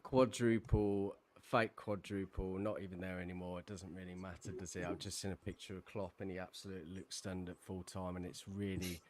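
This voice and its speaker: A man's voice: deep voice, flat delivery, brisk, hardly any pauses. A man hosting a football podcast, greeting his panel in a hearty, chummy way. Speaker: podcast host.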